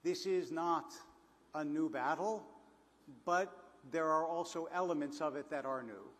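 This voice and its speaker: A man's voice: a little high, measured pace, fairly bright tone. A man from Philadelphia giving a storytelling speech to an audience, with quotes and humor. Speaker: panel speaker. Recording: hall reverb.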